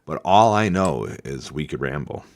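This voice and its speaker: A man hosting a casual chat, rambling with many restarts and fillers, and bursting out loudly when he acts out people's reactions. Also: a bass voice, lively intonation, normal speed, slight background noise. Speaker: podcast host.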